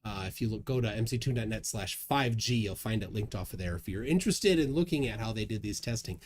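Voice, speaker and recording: A man's voice: medium pitch, slight background noise. A man hosting a casual livestream, chatting and reading viewer comments aloud with a chuckle. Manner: lively, chuckling, reads chat aloud. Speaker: livestream host.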